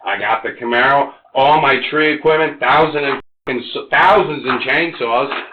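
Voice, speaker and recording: A man's voice: normal speed, slight background noise. Agitated, ranting man in his forties. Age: 40s. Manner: agitated profane ranting, swinging between loud outbursts and low mutters. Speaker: interrogation suspect. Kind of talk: police interrogation. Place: police interrogation room. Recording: echoey, muffled interrogation room recording.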